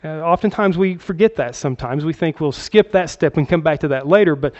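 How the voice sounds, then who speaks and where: A man's voice: a little high, a little fast, a little mellow, highs cut off. A male pastor preaching a sermon in a conversational way, often checking in with "okay?". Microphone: handheld microphone.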